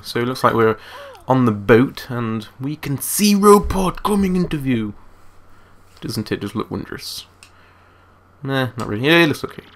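A man's voice: mid-range voice, sing-song, normal speed, fairly bright tone. A man giving chatty, joking commentary over a video game. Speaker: let's play commentator.

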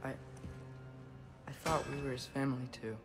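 An actor playing a guilt-ridden teenage son in a video game, speaking in a hesitant, earnest way. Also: male voice, mid-range voice, fairly even intonation, normal speed, music in the background, close to an everyday voice.

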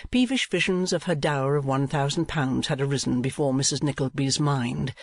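A man narrating an audiobook in a measured, even reading. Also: fairly high pitch, dry recording, studio quality. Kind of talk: scripted narration.

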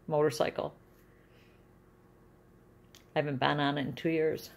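A woman's voice: deep voice, fairly even intonation, unhurried, vocal fry, pauses often. A middle-aged woman talking in a personal video diary, emotional and rambling, venting her frustration. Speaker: vlogger.

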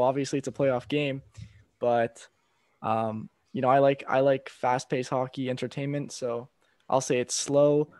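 Casting note: tired young-sounding male podcast co-host, mid pitch, dry close sound, easygoing chat. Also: dry recording. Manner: relaxed, reads a sponsor spot. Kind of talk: casual hockey podcast chat.

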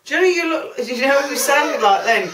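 A woman's voice: high-pitched, lively intonation, fairly quick, a bit bright, far from the mic, a little hiss or hum. A woman, trading sarcastic, teasing banter in a casual chat. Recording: roomy sound from off the mic.

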